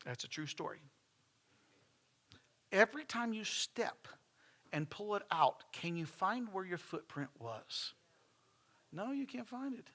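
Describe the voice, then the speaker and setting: A man's voice: sits high, very animated, a little slow, long pauses, sharp tone. A middle-aged man, preaching a sermon in church with folksy stories and phrases repeated for emphasis. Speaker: pastor.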